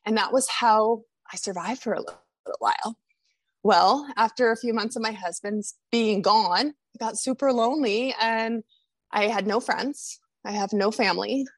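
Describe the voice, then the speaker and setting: A woman with a fairly high voice tells her personal story on a podcast. She is candid and confessional, with animated retelling. The sound is dry and close. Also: normal speed, no room sound. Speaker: podcast guest.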